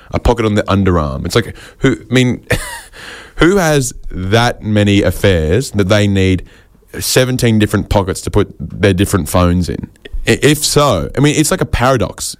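A man delivering a rambling comic monologue full of quick asides and self-mocking jokes. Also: on the low side, dry recording, clean studio sound. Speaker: comedian host.

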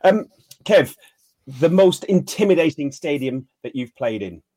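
A man hosting a casual football podcast, putting relaxed questions to his guests. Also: a little high, a little slow, no echo, clean studio sound. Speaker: podcast host.

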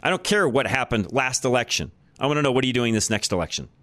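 An American talk radio host with a mid-range, slightly bright voice speaks fast and expressively, recorded on a studio microphone with no room sound. He delivers a blunt, opinionated monologue, repeating his points for emphasis.

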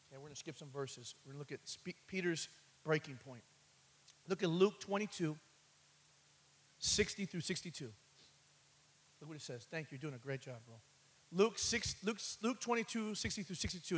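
A man preaching a sermon, calling out "amen" and "catch this" as he builds from quiet asides to loud, high passages. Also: normal speed, low-quality recording. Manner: calls for response with "amen" and "catch this".

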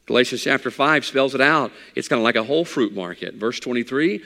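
A pastor preaching a sermon in a conversational, folksy way with bits of humor. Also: male voice, mid-range voice, fairly quick, vocal fry, bright, forceful tone, in a large hall.

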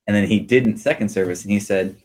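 A man hosting a church podcast, chatting casually and joking as he asks his guest quick questions. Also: fairly low pitch, a little mellow. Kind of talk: casual chat.

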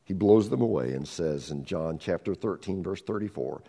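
Animated man preaching a sermon. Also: low-pitched, moderate pace, gravelly, slightly rough, big-room sound. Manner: animated, acts out dialogue, swings between loud and hushed. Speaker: pastor.

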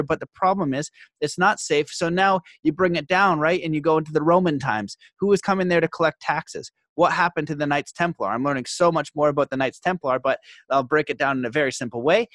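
A man talking as a podcast guest in casual conversation, getting worked up and animated as he makes his points. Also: on the high side, brisk, no room sound. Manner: animated, worked-up when ranting.

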